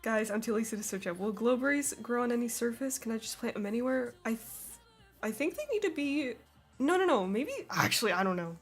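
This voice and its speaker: A woman's voice: fairly high pitch, lively intonation, brisk, husky, soft background music. A young woman streaming while she draws, chatting casually with viewers in a giggly, laughing way at a desk microphone. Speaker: streamer drawing and reading chat. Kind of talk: casual live-stream chat.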